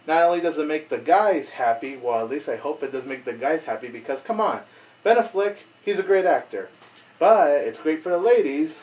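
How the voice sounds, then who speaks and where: A man chatting excitedly to camera in an unedited casual video. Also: a little high, far from the mic. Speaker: video blogger.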